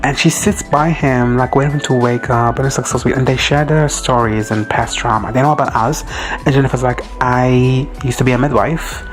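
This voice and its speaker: A man recaps a show in an excitable, rambling reaction-video style. He swears freely and keeps jumping into quick quoted asides, and his voice sits at a middle pitch. Faint music plays underneath.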